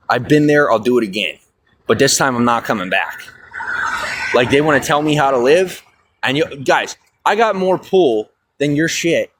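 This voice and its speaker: A stressed, fired-up man venting on a livestream, swearing often and swinging from loud outbursts to low mutters. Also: slight background noise. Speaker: livestream host. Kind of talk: angry livestream rant. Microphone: phone.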